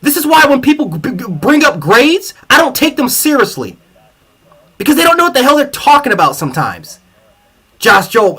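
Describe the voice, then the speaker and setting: A man's voice: very high voice, pushed and bright. A man hosting a sports livestream, venting in an angry, profane fan reaction rant and repeating himself.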